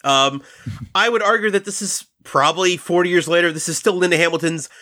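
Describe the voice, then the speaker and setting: A man's voice: sits high, a little fast, sharp tone. A man hosting a casual movie podcast, telling stories and speaking to the listeners. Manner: storytelling, addresses listeners. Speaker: podcast host.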